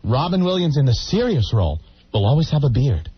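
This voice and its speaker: A man co-hosting talk radio in casual banter, sarcastic and mocking, quick to laugh. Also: medium pitch, very animated, husky, no room sound. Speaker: radio co-host. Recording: dull lo-fi radio broadcast with faint noise.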